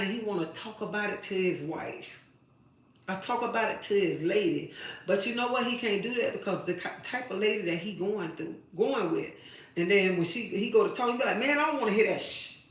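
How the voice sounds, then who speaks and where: A woman's voice: medium pitch, far from the mic. Preachy woman in a very echoey room. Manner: preachy, emphatic, repeats phrases. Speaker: live-stream host. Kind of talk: impassioned advice monologue to women. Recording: very echoey room, away from the mic.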